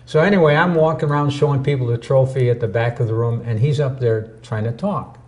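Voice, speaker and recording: A man co-hosting a talk show, telling a story in an animated, anecdotal way. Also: mid-range voice, fairly quick. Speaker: co-host.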